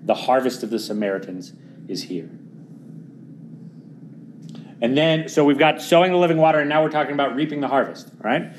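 A man preaching a sermon, earnest, often dropping to a hushed voice for dramatic moments and then pushing louder for emphasis. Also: mid-range voice, lively intonation, fast talker, a little hiss or hum. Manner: earnest, swings between quiet dramatic drops and louder emphatic pushes.

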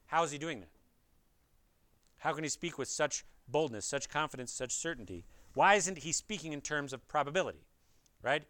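A male preacher delivering a sermon in a bright, forceful voice that sounds smooth and resonant. He is earnest and presses his point with one rhetorical question after another, speaking straight to his listeners. The sound is dry and close. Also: fairly high pitch, expressive, normal speed, no echo. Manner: addresses listeners directly. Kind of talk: expository sermon.

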